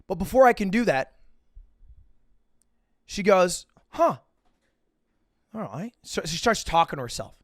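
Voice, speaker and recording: A man's voice: high-pitched, animated, normal speed, long pauses, no room sound, clean studio sound. A man streaming, telling a rambling, self-mocking story full of swearing and restarts. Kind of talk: casual storytelling to stream chat.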